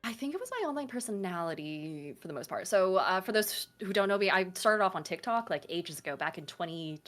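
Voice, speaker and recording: A woman's voice: mid-range voice, animated, brisk, a bit bright, soft background music. A woman in her twenties from Oregon, chatting casually as a guest about running tabletop games, with lots of fillers and self-deprecating asides. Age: 20s. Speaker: guest, tabletop game master and streamer. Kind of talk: casual interview chat.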